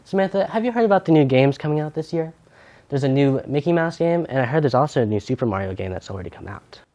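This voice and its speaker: A man's voice: on the high side, animated, fast talker, mellow. Teen male school news anchor, friendly, conversational read. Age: teenager. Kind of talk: scripted school news reading.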